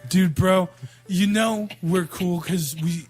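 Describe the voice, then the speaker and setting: A man's voice: sits high, steady tone, slow, a little mellow, husky, soft background music, full character voice. A man putting on the voice of a boastful young party bro who brags in a brash, crude way. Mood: swaggering.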